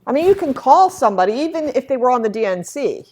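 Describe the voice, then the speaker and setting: A woman leading a real estate software training session, chatty and acting out little dialogues from her anecdotes. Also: sits high, very animated, fast.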